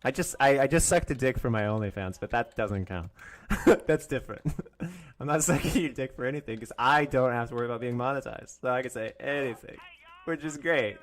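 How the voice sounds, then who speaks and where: On his own live stream, a young man rants angrily and profanely, mocking others in put-on voices and laughing often. His voice is medium in pitch and fairly quick.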